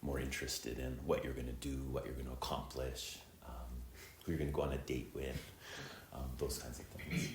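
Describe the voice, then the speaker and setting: A middle-aged Zen teacher with a very deep, gravelly voice gives a reflective, unhurried dharma talk in a flat delivery, full of ums and uhs. It's echoey, recorded in a temple hall with faint ambience and a little hiss or hum.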